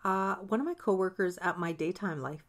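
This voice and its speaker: A woman's voice: fairly low pitch, normal speed. Lady podcast cohost, casual, jokey, swears a bit. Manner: chatty, swears casually, jokes and laughs along. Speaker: podcast co-host. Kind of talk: casual chat.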